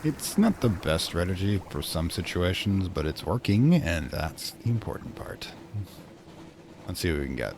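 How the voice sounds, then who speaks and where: A deep-voiced man hosts a let's play, musing casually and reading game text aloud. His delivery swings widely in pitch, with a faint hum of noise behind him. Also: big pitch swings, normal speed.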